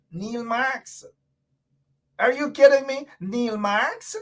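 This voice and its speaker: A man with a Guyanese accent hosting a radio show, delivering fiery, emphatic political commentary with lots of repetition. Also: high-pitched.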